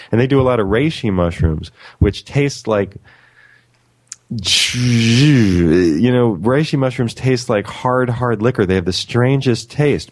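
A man's voice: fairly low pitch, darkish tone. A man telling stories in a rambling, enthusiastic way on a casual talk show. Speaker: talk show guest and lecturer. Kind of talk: casual chat.

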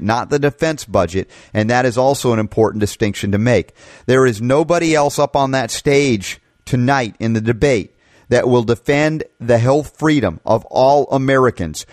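A man's voice: medium pitch, no echo. Male talk radio host, fired-up monologue, dry close studio sound. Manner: impassioned, rhetorical questions.

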